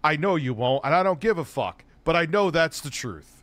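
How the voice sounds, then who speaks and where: A man's voice: fairly high pitch, animated, normal speed, a bit bright, no echo. Sarcastic, profane man streamer. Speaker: streamer reacting to a video. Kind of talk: livestream reaction commentary.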